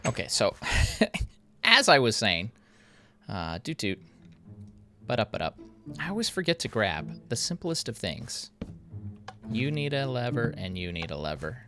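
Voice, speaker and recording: A man's voice: medium pitch, sing-song, normal speed, pushed and bright, faint music behind. A man hosting a game video, chatting casually and thinking aloud with a self-mocking tone. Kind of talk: casual gameplay commentary.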